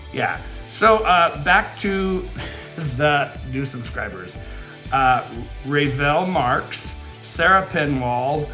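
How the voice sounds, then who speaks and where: A man hosting a beading channel, chatting casually from home in a rambling way with lots of fillers, his voice quivering with emotion. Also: medium pitch. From California. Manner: rambling, warm-hearted, many fillers. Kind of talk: casual chatty vlog intro. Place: home, near a fountain and wind chimes.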